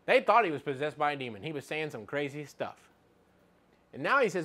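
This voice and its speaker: A man's voice: a little high, very animated, fairly quick, fairly bright tone. A man giving an informal Bible teaching, reading scripture aloud and searching for verses as he talks. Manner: conversational, reads scripture aloud and looks up verses mid-talk.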